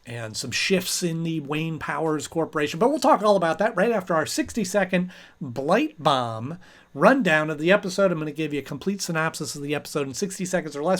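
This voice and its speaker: Guy hosting a review show, rambly, lots of uhs, voice a bit on the high side. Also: lively intonation, brisk. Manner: chatty, rambling with fillers, briefly acting out characters. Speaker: host and episode reviewer. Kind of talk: casual chat review.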